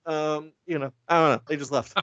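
A man's voice: on the high side, fairly even intonation, brisk, fairly bright tone, clean tone, dry recording. A man casually recapping a story as a podcast co-host, rambling, cursing and saying "like" a lot. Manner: rambling, profane, full of "like". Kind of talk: casual chat. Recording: dry, slightly dull recording.

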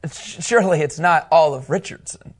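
A man teaching a Bible class, animated and asking his students questions as he goes. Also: a little high, moderate pace, slightly rough.

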